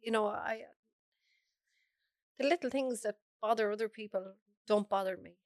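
An Irish woman with a hoarse, bunged-up voice, talking openly and bluntly as an interview guest. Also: mid-range voice, moderate pace, darkish tone, no echo, studio quality. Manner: frank, chatty, laughs often. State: hoarse from a cold. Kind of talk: casual interview chat.

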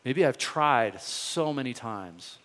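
A man's voice: mid-range voice, lively intonation, takes it slowly, fairly bright tone. A man preaching a sermon as a pastor, earnest and conversational, pressing his points with rising questions. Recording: reverberant hall.

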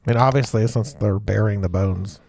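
A man's voice: lowish voice, fairly quick, creaky, a little mellow, no echo, clean studio sound. A man co-hosting a casual film discussion, laid-back, often answering with short agreeing words.

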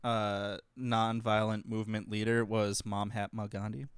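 A man's voice: on the low side, flat delivery, measured pace. A man co-hosting a comedy podcast, dropping wry puns in casual banter. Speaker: podcast co-host.

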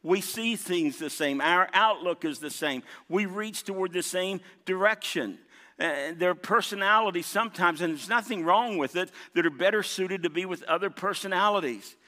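Male pastor, sermon, emphatic, repeats key lines, bright ringing voice, slightly high pitch, long church reverb. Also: normal speed. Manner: emphatic, repeats key points, calls on the congregation. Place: large church sanctuary. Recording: long reverb of a big hall.

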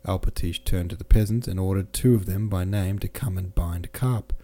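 A man hosting a podcast and reading a classic novel aloud in steady, measured narration. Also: sits low. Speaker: podcast host and reader.

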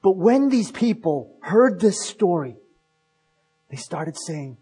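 A male pastor preaching a sermon, retelling stories and acting out the quotes with shifts from loud to hushed. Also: high-pitched, big pitch swings, slow pace, slightly rough, poor audio.

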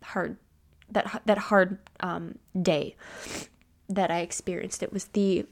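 A woman in her thirties hosting a personal podcast, talking candidly and tearfully, with fillers and halting pauses. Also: on the low side, fairly even intonation. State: tearful, near crying. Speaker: podcast host. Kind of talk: personal solo podcast talk.

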